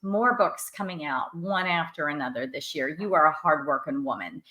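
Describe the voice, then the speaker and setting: A woman's voice: low voice, lively intonation, normal speed, sharp tone, rough recording. A woman hosting a casual author interview, chatty and reading out viewer comments. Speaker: host. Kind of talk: casual chat.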